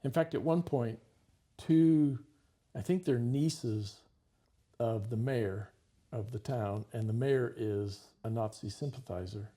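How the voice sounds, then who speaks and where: A man's voice: medium pitch, slow pace, mellow. A man hosting a talk show, telling a story in a vivid conversational way and acting out the dialogue.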